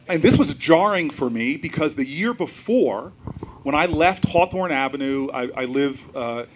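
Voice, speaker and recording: A man from New Jersey, a senator, giving an animated public talk to an audience, telling stories with frequent restarts and asides. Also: mid-range voice, slight background noise.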